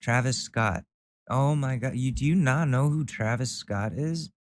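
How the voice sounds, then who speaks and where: A man's voice: mid-range voice, measured pace, slight background noise. A man hosting a casual commentary show, reacting with wry disbelief. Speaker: host.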